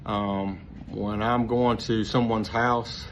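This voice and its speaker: A man's voice: lowish voice, takes it slowly. A man talks through sales tips in an easygoing, rambling way, full of "um"s and restarts. The recording sounds a bit dull and lo-fi, with a faint hiss underneath. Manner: relaxed, rambling, many fillers and restarts. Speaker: sales trainer. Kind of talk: casual instructional talk. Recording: slightly dull lo-fi with faint noise.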